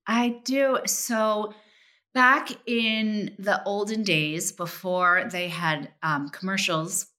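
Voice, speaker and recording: A woman guest chatting in an interview, telling stories in a lively, animated way and acting out quotes. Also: medium pitch, slow. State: tearful. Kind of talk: casual interview chat.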